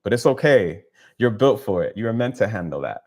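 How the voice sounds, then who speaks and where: A man's voice: on the low side, big pitch swings, normal speed, a little mellow. A man hosting a casual live stream, talking in a laid-back, slangy, encouraging way and laughing often. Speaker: live stream host, spiritual healer.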